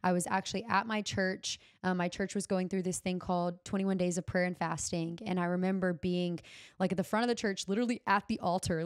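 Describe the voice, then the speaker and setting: A woman's voice: lowish voice, fairly even intonation, brisk, smooth, dry recording, clean studio sound. A young woman hosting a podcast, telling a personal story in an earnest, heartfelt way and dropping the odd "y'all". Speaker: podcast host.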